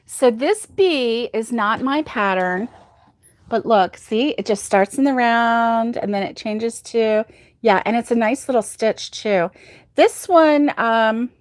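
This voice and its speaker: A woman hosts a relaxed crochet livestream, telling groan-worthy jokes in an unhurried, slightly high voice and giggling at her own punchlines. She reads viewer comments aloud as she goes. The sound is dry, with no room echo. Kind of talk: casual livestream chat telling corny jokes.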